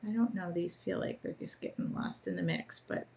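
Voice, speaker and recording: Woman, art teacher, live drawing demo, chatty, upbeat, self-deprecating, low-pitched voice. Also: huge pitch swings, normal speed, creaky, a little mellow, slight background noise. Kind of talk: casual live demonstration. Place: home art studio.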